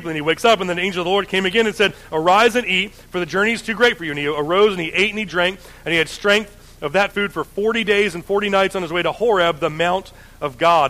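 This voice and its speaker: Heard on a low-quality recording, this preacher talks fast in a sharp, high-sitting voice. He reads Bible passages, then paraphrases them casually in everyday slang.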